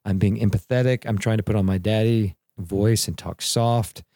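A man in his thirties tells parenting stories on a podcast, often acting out what people said. His voice sits on the low side. The recording is dry and close, with no room sound. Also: moderate pace, no echo. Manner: animated storyteller, acts out quotes, laughs. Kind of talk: casual podcast conversation on parenting and mentoring.

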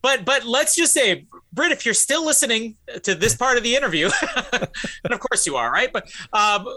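A man's voice: extremely high pitch, big pitch swings, moderate pace, pushed and bright. A man hosting a podcast, upbeat and teasing, often laughing in casual chat. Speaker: podcast host.

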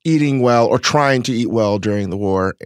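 A man hosts a casual podcast, dropping short, laid-back prompts and the odd curse. His voice sits at an ordinary pitch for a man. The mic sound is close and dry. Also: normal speed, clean tone, dry recording. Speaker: podcast host. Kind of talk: casual interview chat.

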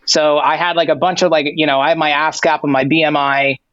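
A man of Persian heritage, a tour manager appearing as a guest, speaks briskly in a slightly high voice on a dry, dull recording. In this casual storytelling interview he's animated, swears freely, leans heavily on "like," and acts out both sides of conversations.

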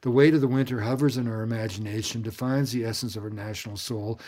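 A man with a middle-pitched voice speaks as an interview guest. His sentences are long and sweeping, delivered eloquently. He often lets his voice fall off softly at the end of a thought. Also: fairly even intonation, quick pace. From Canada. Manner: eloquent, sweeping, trails off softly at phrase ends. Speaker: guest anthropologist. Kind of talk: reflective storytelling in an interview.

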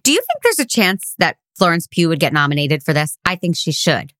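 A woman's voice: low voice, very animated, fairly quick, fairly bright tone, dry recording. A woman co-hosting a podcast in casual chat, speaking into a microphone with dry, sarcastic humor. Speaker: podcast co-host.

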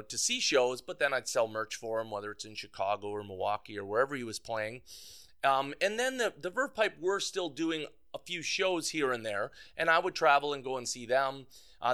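A man's voice: medium pitch, a bit bright, clear, resonant tone. A man as an interview guest, telling a casual, rambling story with lots of fillers and frequent laughs. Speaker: guest, band's tour manager.

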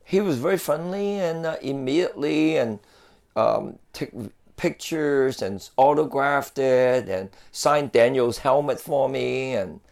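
Gravelly man rambling through a story. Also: medium pitch, measured pace, darkish tone. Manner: rambling storyteller, many fillers and restarts. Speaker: guest telling a story. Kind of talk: casual chat.

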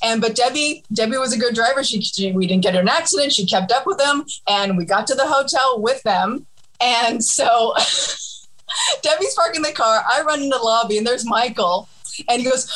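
A woman telling a long story in casual conversation, halting and animated, acting out other people's voices. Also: on the high side, poor audio. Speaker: guest.

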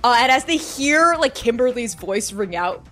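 A woman's voice: on the high side, expressive, moderate pace, a bit bright, faint music behind. A woman playing a tabletop game, describing her character expressively and laughing between lines. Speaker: player.

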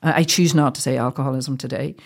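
A woman's voice: a bass voice, steady tone, fast talker, gravelly. Earnest Northern Irish woman telling her story. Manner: earnest, heartfelt, with frequent restarts. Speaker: guest. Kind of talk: personal storytelling.

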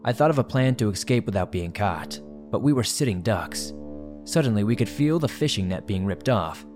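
A man hosting a horror story show, narrating listener-submitted stories in a measured way. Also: fairly low pitch, lively intonation, over music.

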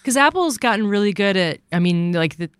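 A woman co-hosting a casual tech podcast, chatty and tossing in quick deadpan quips. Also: medium pitch, smooth, no echo, clean studio sound. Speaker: podcast co-host.

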